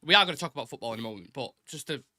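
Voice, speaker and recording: A man's voice: medium pitch, lively intonation, pushed and bright, dry recording. A man hosting a live football fan show, chatty and full of restarts. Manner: chatty, fast, many restarts. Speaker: host.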